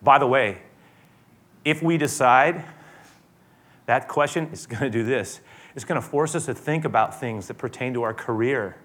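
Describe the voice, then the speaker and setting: A man preaching a sermon, retelling a story dramatically and swinging between loud and hushed speech. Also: medium pitch, normal speed, long pauses. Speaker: pastor.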